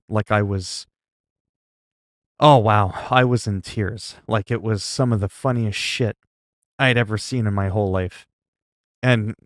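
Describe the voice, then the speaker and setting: Low-voiced man laughing through a story. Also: no room sound. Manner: laughing, storytelling, halting restarts. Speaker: livestreamer. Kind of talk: casual chat with viewers.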